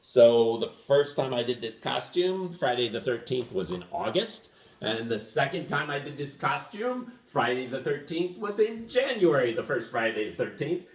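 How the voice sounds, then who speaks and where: Animated, chuckling man in an echoey room. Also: mid-range voice, moderate pace. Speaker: vlogger. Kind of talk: casual storytelling to camera. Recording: echoey room, mic at a distance.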